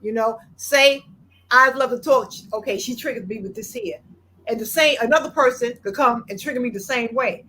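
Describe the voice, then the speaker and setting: A woman's voice: a little high, normal speed, pushed and bright, slightly rough, rough recording. A woman hosting a faith-based talk on mental health, speaking earnestly and repeating herself for emphasis. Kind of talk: faith-based casual discussion.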